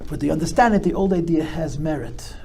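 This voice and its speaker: A man's voice: fairly high pitch, quick pace, vocal fry, darkish tone, slight background noise. A man, a rabbi, answering audience questions in a reflective, explanatory way that grows emphatic. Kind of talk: lecture-style Q&A.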